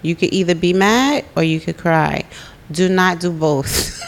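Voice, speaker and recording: A woman around forty co-hosting a casual podcast, blunt and quick to laugh, with plenty of swearing. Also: on the low side. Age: about 40. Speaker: podcast co-host.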